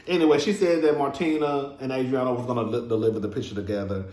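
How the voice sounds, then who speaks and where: A man's voice: medium pitch, fairly even intonation, fast talker, a little mellow, reverberant. A man giving a casual, emphatic and profane recap of a reality TV episode, talking straight to his viewers as a show reviewer.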